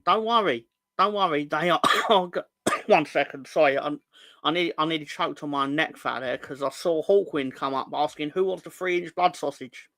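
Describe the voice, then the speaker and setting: A man's voice: on the high side, normal speed, sharp tone, dry recording. A young man hosting a fan channel live stream, bantering with the chat in a rambling, jokey, sweary way.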